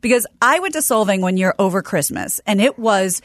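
A woman's voice: medium pitch, animated, brisk, no room sound, studio quality. A woman co-hosting a podcast, chatting casually with bubbly, playful exaggeration. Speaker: podcast co-host. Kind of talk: casual chat.

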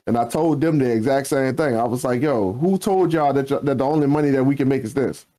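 A man co-hosts a motivational podcast in casual, slang-heavy chat. He speaks bluntly and hits his points hard. His voice is warm and mellow, and his pitch sits in the middle range. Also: quick pace. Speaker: podcast co-host.

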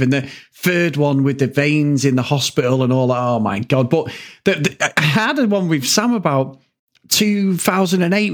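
A man telling an excitable story on a casual podcast, swearing heavily. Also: fairly high pitch. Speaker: podcast co-host. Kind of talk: casual chat.

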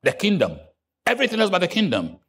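A man preaching a sermon. His pitch sits a little high and swings widely, from quiet, low asides to loud, soaring exclamations. He keeps an animated pulpit manner throughout. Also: fast, slightly rough. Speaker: pastor.

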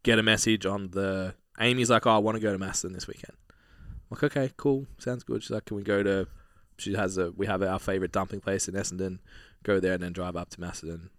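A young Australian man with a fairly low, dry-sounding voice, swearing freely as he works through a long anecdote. He chats casually, with the easy back-and-forth of a podcast co-host. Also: flat delivery, quick pace, hardly any pauses, a bit bright, no room sound. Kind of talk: casual storytelling chat.

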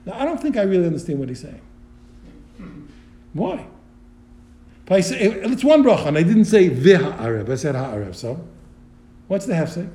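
A high, lively male voice with a dark, mellow tone leads a study lesson. He thinks aloud, restarting his sentences as he works through a question. The sound is roomy, with a clear echo. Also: moderate pace, long pauses, a little hiss or hum. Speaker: Torah teacher.

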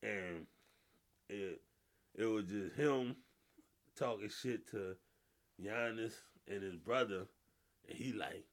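A man's voice: on the low side, unhurried, pauses often. A man co-hosting a podcast, telling a basketball story in casual, profane chat and mimicking the people in it. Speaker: podcast co-host.

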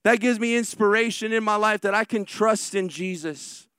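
A man preaching a sermon as pastor, drawing out key lines slowly and rushing through asides. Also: sits high, fairly bright tone, clean tone, dry recording, clean studio sound. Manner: preaching with slow, drawn-out emphatic lines and quick asides.

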